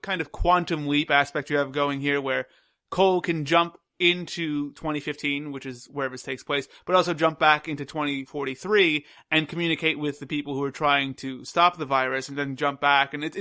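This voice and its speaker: A young man hosting a podcast, giving opinionated, animated TV reviews in casual chat. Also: fairly high pitch, no echo, clean studio sound. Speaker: podcast host.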